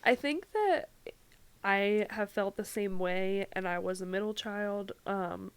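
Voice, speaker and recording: A woman hosting a podcast, chatting casually, thinking aloud with fillers and offering steady affirmations. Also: medium pitch, slow pace, smooth. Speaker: podcast host. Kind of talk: casual interview chat.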